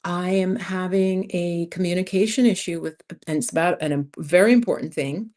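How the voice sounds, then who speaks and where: A woman in her fifties with a New York accent hosts a casual livestream, speaking frankly to her viewers and calling them "you guys." Her voice sits on the low side, a little mellow, at a moderate pace.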